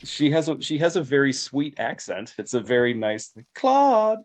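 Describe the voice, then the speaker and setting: A man's voice: mid-range voice, normal speed. A man as guest expert, explaining at length with many fillers. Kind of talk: casual discussion.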